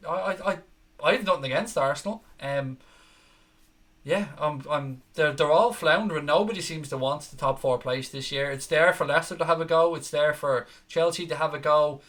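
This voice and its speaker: A young man hosts a post-match football live stream, reading viewers' comments aloud and answering each one with quick, cheeky banter. His voice is bright and forceful, sitting a little high for a man. He is battling a stomach virus but keeps the excitable chatter going. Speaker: football channel host reading live chat.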